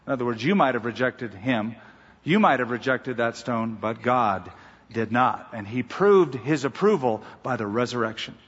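Pastor, male, husky, emphatic storytelling, dull recording with long hall reverb. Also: mid-range voice, expressive, moderate pace, a bit bright. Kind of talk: sermon.

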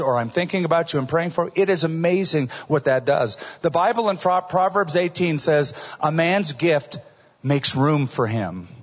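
A middle-aged male pastor preaching a sermon in an earnest, conversational way, often dropping to a soft voice for asides. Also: on the high side, husky. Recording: dull recording in a large reverberant hall.

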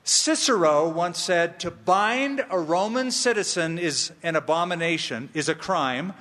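A man preaching an expository sermon, emphatic and slow, with playful asides. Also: fairly high pitch, expressive, pushed and bright, big-room sound. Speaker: pastor.

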